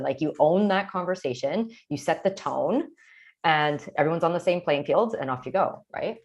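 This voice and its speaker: Low-voiced chatty woman host. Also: a little fast, darkish tone. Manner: chatty, affirming with frequent yeahs. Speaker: podcast host. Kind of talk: casual podcast interview.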